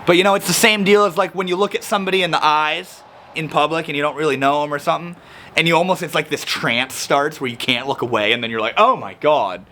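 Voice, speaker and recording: A man's voice: a little high, fast, a little hiss or hum. A young man talking casually to camera, explaining social anxiety and acting out the people he quotes. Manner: animated, acts out quoted people. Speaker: self-help video host.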